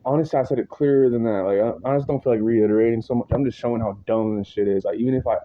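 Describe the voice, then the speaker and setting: Talking very fast, an angry man rambles at the camera in a long monologue full of curses and slang, looping back over what he's already said. His voice sits at a middle pitch, and the recording has a dull, somewhat lo-fi quality.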